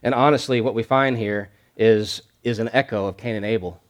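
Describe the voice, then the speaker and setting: A man's voice: fairly low pitch, fairly even intonation, a little fast. A man preaching a sermon, repeating key phrases for stress and reading scripture aloud with rising energy. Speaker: pastor.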